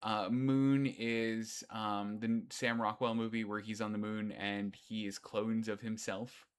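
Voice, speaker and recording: A middle-aged man co-hosting a podcast in casual chat, animated and joking at his own expense. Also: fairly low pitch, measured pace, clean tone. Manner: animated, jokey, mocking himself. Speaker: podcast co-host.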